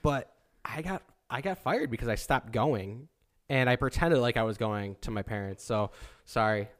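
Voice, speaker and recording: A man's voice: medium pitch, moderate pace. A young man co-hosting a podcast, teasing his friend in casual chat. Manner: teasing, interrupting. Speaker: podcast co-host.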